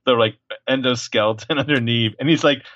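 A man co-hosting a casual movie podcast, animated and profane, acting out scenes as he talks. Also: mid-range voice, brisk, dry recording, highs cut off. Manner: animated, profane, acts out lines. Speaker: podcast co-host.

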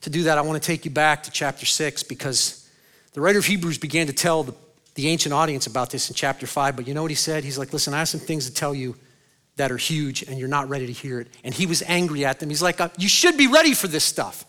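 A male pastor delivers a dynamic sermon in a bright, fairly high voice. He swings from loud, soaring bursts down to hushed, low lines. He keeps asking the congregation questions and answering them himself. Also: fairly even intonation, fast.

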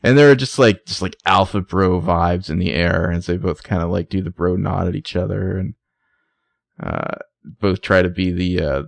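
A man's voice: sits low, moderate pace, gravelly, dry recording. A man co-hosting a podcast, recapping a show in casual chat and acting out the characters' lines in jokey put-on voices. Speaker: podcast co-host.

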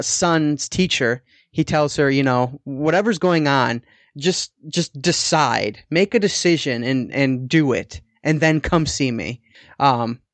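A man's voice: medium pitch, no echo. Guy cohosting a show recap podcast, rambly and chill, dead dry sound. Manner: rambling, swears casually. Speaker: podcast co-host. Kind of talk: casual episode recap.

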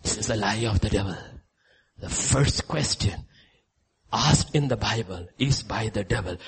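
A male preacher delivering a sermon, telling stories and swinging between loud emphasis and hushed lines. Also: lowish voice, unhurried, husky.

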